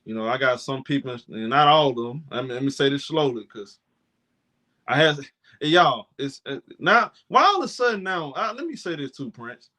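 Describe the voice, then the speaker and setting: A man's voice: mid-range voice, lively intonation, normal speed, sharp tone. A young man co-hosting a live sports reaction stream, debating players in emphatic, slangy casual talk. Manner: emphatic, slangy, mocks critics with put-on voices.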